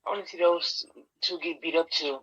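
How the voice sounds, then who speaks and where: Male guest, somewhat high voice, blunt short remarks. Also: fairly even intonation, brisk, fairly bright tone, breathy edge, dull audio. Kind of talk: casual chat.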